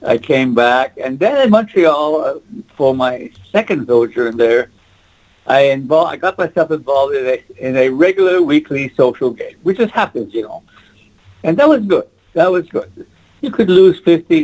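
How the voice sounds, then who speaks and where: A man in his 80s from French Canada, Quebec, French being his first language, tells casual, rambling stories as an interview guest, reminiscing and chuckling. He speaks animatedly at normal speed in a medium-pitched, slightly mellow voice, recorded roughly.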